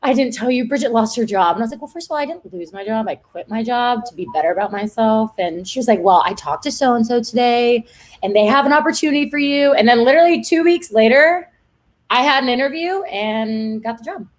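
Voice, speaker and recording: A woman's voice: on the high side, lively intonation, fairly quick. A woman in her twenties, a guest telling stories in a casual chat, giggly and full of "like". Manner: giggly, chatty storyteller, lots of "like".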